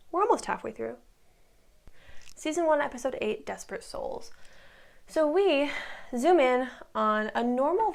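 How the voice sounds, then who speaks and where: A woman's voice: a little high, vocal fry. A woman in her twenties recapping a TV show in a casual, rambling way, full of likes and ums. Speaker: recap vlogger.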